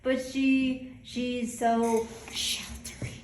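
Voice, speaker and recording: A woman's voice: on the high side, level tone, extremely slow, a little mellow, a little hiss or hum. A woman in a casual conversation, telling a story in a rambling way that keeps breaking off and restarting. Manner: rambling storytelling with self-interruptions. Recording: echoey room, mic at a distance, faint ambience.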